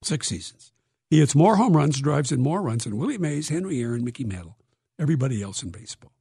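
A man, an author being interviewed, telling stories in a lively, dramatic way and acting out quotes. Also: mid-range voice, fast, vocal fry, husky, dry recording, clean studio sound. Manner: lively, dramatic storyteller who acts out quotes. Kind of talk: animated interview storytelling.

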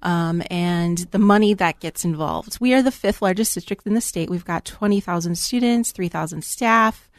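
A woman's voice: lowish voice, normal speed, dry recording. Earnest woman guest on talk radio. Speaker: school board member, guest. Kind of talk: radio interview. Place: radio studio.

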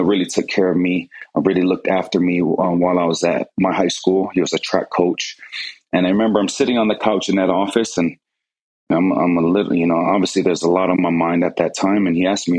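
A man's voice: low-pitched, darkish tone, slightly rough, poor audio. A man earnestly recounting a personal story in an interview, often repeating words as he goes. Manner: earnest, repeats words, acts out quoted voices.

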